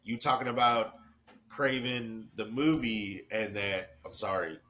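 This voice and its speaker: A man's voice: lowish voice, measured pace, sharp tone, slight background noise. Rambling, joking male podcast co-host. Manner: rambling, joking, swears, laughs often. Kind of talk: casual chat.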